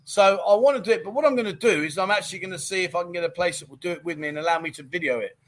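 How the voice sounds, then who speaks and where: A chatty, jokey middle-aged man keeps calling people "mate" as he reads out viewer comments on his livestream. His voice sits fairly high for a man. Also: very fast, a bit bright. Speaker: livestream chat show host. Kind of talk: casual chat reading viewer comments.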